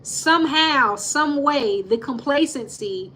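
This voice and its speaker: Her voice is bright and somewhat high, with lively intonation and a slow pace, as she recaps court testimony on a live stream. She reads the quotes plainly and interrupts herself to sigh or address viewers, staying casual and frank. A live-stream mic picks up slight background noise.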